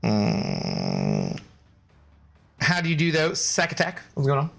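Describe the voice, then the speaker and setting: Bright, tense-voiced male gaming streamer. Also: on the high side, huge pitch swings, slow, gravelly. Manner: jokey banter, answering chat. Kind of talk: casual live-stream chat.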